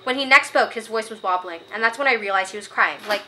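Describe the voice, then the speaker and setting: A woman's voice: mid-range voice, fast talker, heavy background noise. A young woman giving a casual book review, passionate and opinionated, getting worked up and reading quoted passages aloud.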